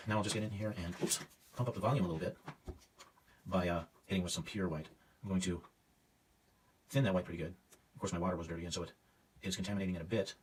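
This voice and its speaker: Deep-voiced man painting and talking. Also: far from the mic, slight background noise. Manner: self-critical, thinking aloud while painting; casual, hesitant with fillers. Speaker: art teacher. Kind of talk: live painting demonstration.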